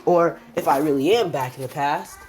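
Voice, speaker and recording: A woman's voice: low voice, normal speed, darkish tone, close to an everyday voice, low-quality recording. A woman voicing a teenage boy hero who thinks aloud to himself, anxious and scheming, in a casual fan storytelling. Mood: thinking aloud.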